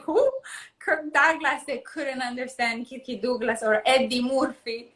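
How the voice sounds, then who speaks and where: A woman's voice: high voice, unhurried, poor audio. A woman in her thirties with an Italian accent, chatting casually and laughing during a live stream. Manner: laughing, animated storytelling. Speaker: actress hosting a live stream. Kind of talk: casual chat.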